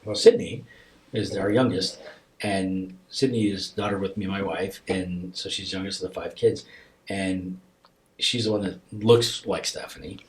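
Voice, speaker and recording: A middle-aged man telling a deeply personal story as a podcast guest, halting and repeating himself as his voice rises and falls with emotion. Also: fairly even intonation, slight background noise, rough recording.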